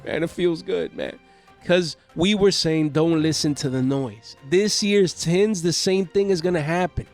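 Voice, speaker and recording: A man's voice: fairly high pitch, unhurried. Hyped-up man with music behind. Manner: excitable slangy hype, repeats catchphrases. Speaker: card market channel host. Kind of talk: hyped market commentary. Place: home.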